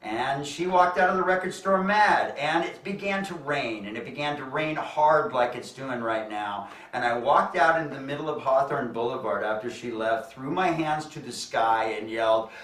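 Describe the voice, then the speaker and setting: A man hosting a comedy show, telling a stand-up story in an animated way and laughing often. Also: medium pitch, moderate pace, hardly any pauses. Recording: echoey room, distant mic, faint noise.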